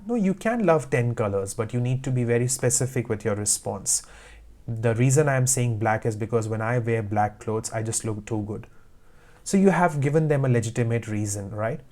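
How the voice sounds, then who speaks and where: Man, IELTS speaking tutor, emphatic, direct commands, mid-pitched voice. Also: expressive, normal speed, a little mellow. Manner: direct, emphatic, repeats advice in short commands. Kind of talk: instructional talk to camera.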